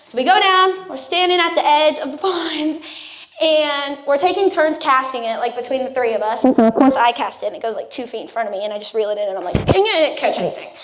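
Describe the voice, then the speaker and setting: Young woman, high voice, youth sermon, casual storyteller, echoey room. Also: fast. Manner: casual storytelling, acts out quotes. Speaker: youth speaker.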